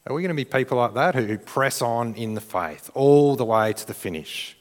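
A man's voice: mid-range voice, expressive, a little fast. Male preacher, casual and earnest, repeats words as he builds, reverberant church hall sound. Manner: conversational, restarts phrases, rises to shouted crowd cheers. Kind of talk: sermon.

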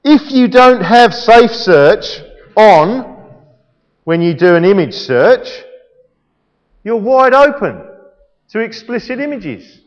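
Slow animated male preacher. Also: sits high. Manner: animated, playful, quizzes the congregation. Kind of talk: sermon. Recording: echoey hall, dull sound.

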